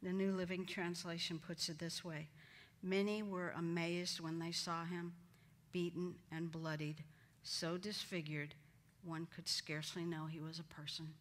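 A woman's voice: fairly low pitch, flat delivery, measured pace. A woman teaching a Bible study, acting out the quoted lines with dramatic emphasis. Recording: hall reverb.

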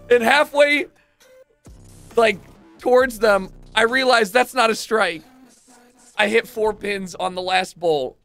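A young man with a high, light voice tells a story to his stream chat. He talks loosely and swears freely, and he acts out the moments, sometimes rising to shouts. Faint music plays under him.

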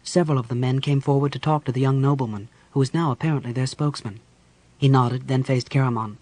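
A man reading a fantasy audiobook aloud in a measured storytelling manner. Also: medium pitch, fairly even intonation, a little mellow, no echo. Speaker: audiobook narrator. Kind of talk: scripted fantasy narration.

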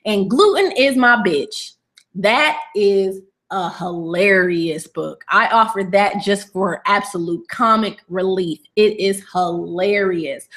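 A woman wellness coach giving a webinar lesson, animated and playful, often repeating herself for emphasis. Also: on the low side.

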